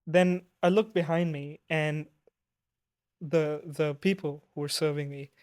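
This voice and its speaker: A young man hosting a podcast, speaking in a soft, steady, thoughtful way as he shares stories with his guest. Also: on the high side, a little slow. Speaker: podcast host. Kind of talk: conversational podcast interview.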